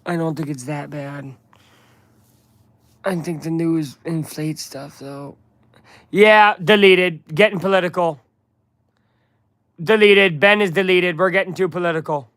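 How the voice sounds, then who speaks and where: Young male streamer, casual slangy banter; smooth, slightly high voice. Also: unhurried, pauses often, fairly bright tone, no echo, studio quality. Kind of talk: casual chat with viewers.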